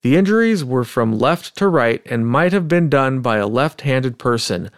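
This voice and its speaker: A man's voice: medium pitch, animated, no room sound. Man reading grim testimony, dry sound. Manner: reads testimony aloud in a measured, deliberate way. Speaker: podcast co-host. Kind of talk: casual true-crime podcast chat.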